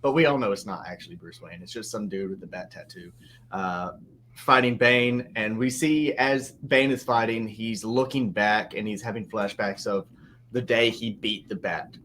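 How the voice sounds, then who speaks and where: A man co-hosting a comic book podcast, talking casually with hesitant pauses. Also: on the low side, a bit bright, slight background noise. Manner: hesitant, laughs while talking. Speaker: podcast co-host. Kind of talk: casual chat.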